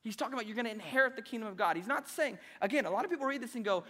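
A male pastor with a high-pitched voice preaches a sermon in an animated, conversational style, tossing in sarcastic asides. He talks quickly with few pauses, and a long reverb makes it sound like he's filling a large church sanctuary.

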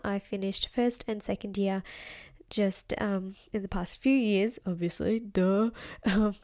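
A young woman, hosting her own podcast in a chatty, self-deprecating monologue, deliberately keeping her voice lower than usual. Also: mellow, no room sound, clean studio sound. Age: young adult. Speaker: podcast host and wellness coach. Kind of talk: casual solo podcast monologue.

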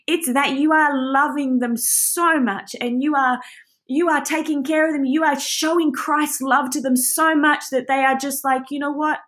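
A woman with a somewhat high voice gives a heartfelt Bible teaching. She talks casually and with passion, often restarting her sentences as she goes. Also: steady tone, unhurried, a bit bright. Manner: passionate, conversational, rambling with restarts.

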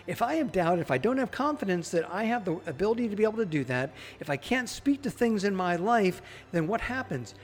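A man's voice: sits high, lively intonation, brisk, hardly any pauses, long reverb tail. A man hosting a daily devotional podcast, teaching earnestly and putting questions straight to the listener.

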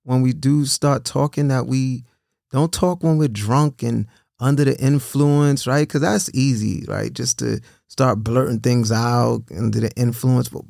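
A man's voice: medium pitch, fairly even intonation, unhurried, vocal fry, darkish tone, no echo, clean studio sound. A man giving casual, earnest encouragement, often repeating himself and checking in with "right?".

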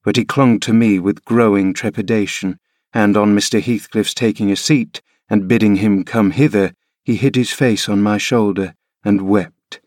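Low-voiced man reading a classic novel. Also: steady tone, moderate pace, a little mellow, no echo, studio quality. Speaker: audiobook reader. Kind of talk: scripted narration.

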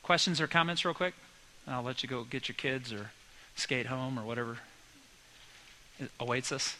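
A middle-aged pastor giving a sermon, telling family stories in a relaxed conversational way and acting out lively quoted voices. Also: male voice, medium pitch, normal speed, a little hiss or hum, poor audio.

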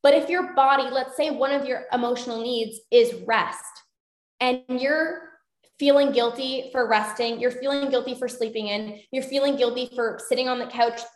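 A woman's voice: high voice, steady tone, moderate pace, echoey room. A young adult woman coaching her listeners in a motivational talk, earnest and repeating phrases for emphasis.

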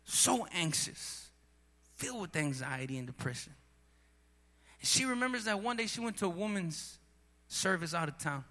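A high-voiced man preaching with fiery passion, his tone strikingly bright and sharp. He keeps calling out to his listeners as brother and sister. His voice rings out with a long reverb. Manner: impassioned preaching, building to shouts; repeats "brother and sister" often. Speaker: pastor. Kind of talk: sermon. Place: church hall.

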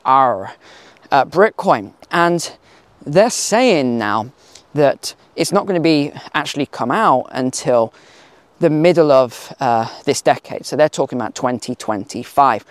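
A man's voice: medium pitch, expressive, a little slow, dry recording. A man hosting a casual finance talk outdoors on a hill, chatty with emphatic asides. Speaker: finance channel host.

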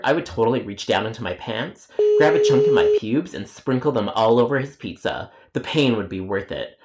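A man's voice: medium pitch, huge pitch swings, fairly quick. A young man narrating comic storytime tales from his call center job in a sarcastic, exasperated way with crude jokes. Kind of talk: comedic animated storytime narration.

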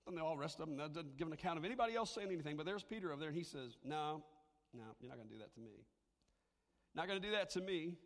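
A man delivers a sermon from the pulpit in a slightly high voice. He moves between animated, conversational preaching and soft, hushed lines for emphasis. The sound carries the long reverb of a large hall. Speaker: pastor.

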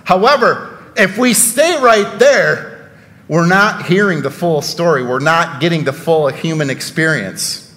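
A man's voice: on the high side, lively intonation, a little slow, sharp tone, in a large hall. A man preaching a sermon in a church, conversational and full of rhetorical questions and sarcastic asides. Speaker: pastor.

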